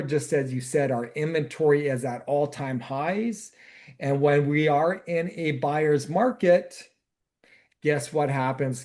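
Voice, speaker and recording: A man's voice: mid-range voice, a little mellow. A man co-hosting a real estate podcast, explaining the market steadily and asking rhetorical questions. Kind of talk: casual podcast chat.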